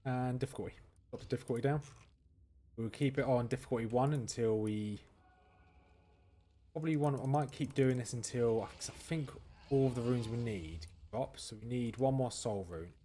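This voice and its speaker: A man's voice: medium pitch, normal speed, dark tone. A man giving casual commentary as he plays a game, thinking aloud and answering viewers' questions. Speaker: gaming streamer.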